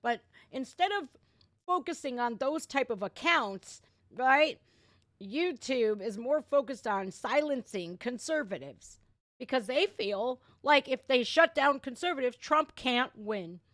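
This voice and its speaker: A woman's voice: sits high, expressive, fairly bright tone, dry recording, clean studio sound. A woman from Ohio hosting a live reaction stream, ranting bluntly and swearing freely between laughs. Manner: blunt, profane, quick to laugh. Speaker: livestream reaction host. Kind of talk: casual livestream rant.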